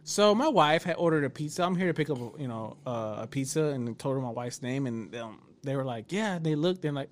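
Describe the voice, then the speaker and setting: A man's voice: fairly high pitch, fast. A married man telling a story in casual chat, acting out the quotes with a lot of swearing. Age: adult, married. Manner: animated storyteller, acts out quotes, swears freely.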